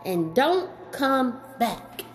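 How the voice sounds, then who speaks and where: A woman's voice: on the high side, very animated, very slow, faint music behind, full character voice. A woman voicing a silly, fretful old male owl in a storybook read-aloud, exclaiming in a raised put-on voice. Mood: shouting.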